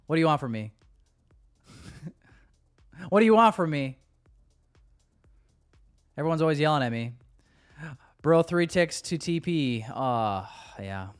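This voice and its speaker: A man's voice: medium pitch, a bit bright, smooth. A man livestreaming his day trading, chatting loosely with viewers in casual, joking, sometimes profane banter. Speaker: day trader streaming live. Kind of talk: casual live-stream commentary.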